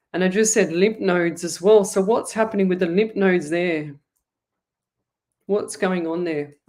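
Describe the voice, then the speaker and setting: A woman with an Australian accent hosts a live online psychic reading show. Her voice sits a little low. She talks in a chatty, rambling way and speaks straight to her viewers. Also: darkish tone. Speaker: psychic medium host.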